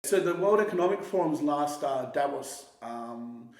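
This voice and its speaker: A man with a somewhat high voice holds forth in a loose, casual conversation. He rambles, swears freely and keeps restarting his sentences, getting animated as he goes. His voice has a roomy echo around it. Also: moderate pace. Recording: echoey roomy sound.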